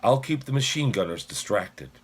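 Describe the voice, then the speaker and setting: A man voicing a resourceful teenage boy soldier who talks fast and bluffs under pressure. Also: fairly low pitch, big pitch swings, breathy edge. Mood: urgent.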